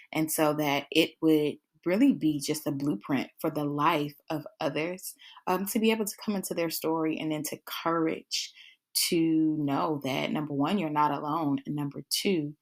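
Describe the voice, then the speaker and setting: A woman with a notably low voice hosts her own podcast and tells her personal story. She talks casually and warmly directly to her listeners, calling them y'all and leaning on easy fillers. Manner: conversational, addresses listeners as y'all, frequent fillers. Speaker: podcast host.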